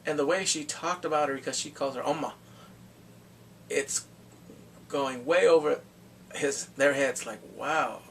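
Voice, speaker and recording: A man recapping a TV drama in casual talk, acting out the characters' lines in quick animated bursts. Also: on the high side, gravelly, distant mic, a little hiss or hum. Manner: animated, acts out quotes from the show in quick bursts. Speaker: drama reviewer.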